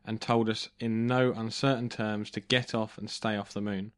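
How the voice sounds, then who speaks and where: A man with a fairly low voice talks on a casual podcast. He reads out claims plainly and earnestly to his co-hosts. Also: flat delivery, normal speed, clean tone. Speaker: podcast co-host reading sources.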